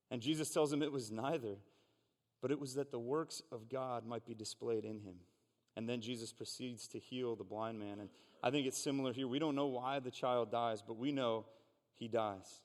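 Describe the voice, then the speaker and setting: A man's voice: medium pitch, a little mellow, long reverb tail. A man preaching a sermon, reading scripture aloud and explaining it in an earnest, conversational way. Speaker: pastor. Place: church sanctuary.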